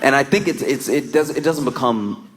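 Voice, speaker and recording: Over the sound of a crowd, a man with a medium-pitched voice delivers a stand-up bit full of animated storytelling. He keeps laughing as he talks and slips into rapid voiced asides.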